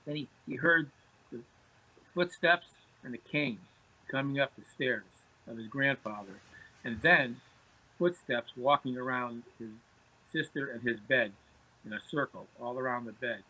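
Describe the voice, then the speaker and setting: A man's voice: medium pitch, a little slow, pushed and bright, rough recording. A man, a podcast guest telling anecdotes in conversation, often repeating words as he starts phrases. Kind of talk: storytelling in conversation.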